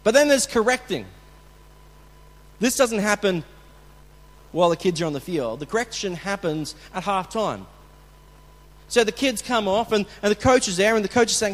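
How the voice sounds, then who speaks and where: High-voiced pastor preaching in a hall. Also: male voice, expressive, moderate pace, pauses often. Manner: conversational, with restarts and acted coach shouts. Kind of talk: sermon. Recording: long hall reverb.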